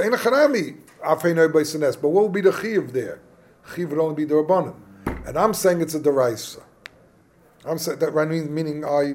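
A man leading a Talmud study class, explaining the text animatedly and thinking aloud with quick restarts. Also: fairly high pitch. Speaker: Talmud teacher.

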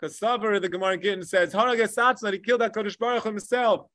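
A man teaching a Torah lecture with passion, mixing Hebrew learning terms into English and swinging between emphatic peaks and hushed asides. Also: high-pitched, steady tone, very fast, no room sound, clean studio sound. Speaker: rabbi. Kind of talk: Torah lecture on the Tisha B'Av kinos.

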